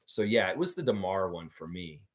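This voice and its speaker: A man's voice: sits low, sing-song, brisk. Blunt man hosting a livestream chat. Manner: blunt, swears freely; talks about himself in the third person. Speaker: sports livestream host. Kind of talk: casual livestream chat reading viewer comments.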